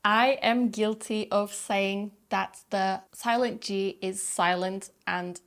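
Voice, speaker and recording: A woman who grew up speaking Turkish teaches an online pronunciation lesson, saying each drill word slowly and carefully twice over. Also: mid-range voice, steady tone.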